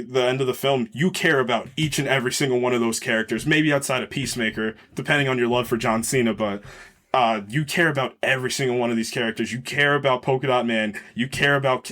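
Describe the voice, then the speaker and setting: A man's voice: medium pitch, fairly even intonation, fairly quick, a bit bright. A man hosting a podcast, chatting casually through a film review and often searching for words mid-sentence. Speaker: podcast host.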